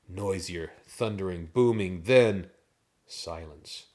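Deep-voiced man reading a storybook. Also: measured pace. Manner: expressive, dramatic read-aloud.

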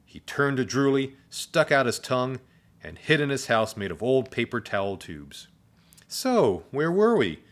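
Lively, expressive male storyteller. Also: mid-range voice, normal speed. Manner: expressive, playful. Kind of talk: storybook read-aloud.

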